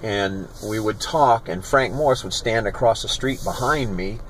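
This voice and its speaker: A man in his sixties, a YouTube vlogger, rambles conversationally through old stories on a walking tour, pointing out places along a residential street. His voice is fairly low and moderately paced. The audio is poor, with a little hiss or hum.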